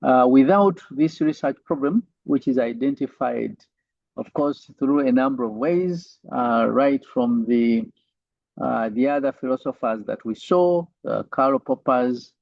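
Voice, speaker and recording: A man's voice: mid-range voice, measured pace, vocal fry, no room sound. Man lecturing over lo-fi call audio. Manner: repeats "right?" as a tag, many fillers. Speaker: university lecturer. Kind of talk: online lecture.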